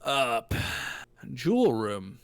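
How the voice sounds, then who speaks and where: Very animated but very slow, this man's mid-range voice carries a casual co-op gaming stream. He plays a text adventure with a friend, reading the game text aloud and launching into joking rants between turns.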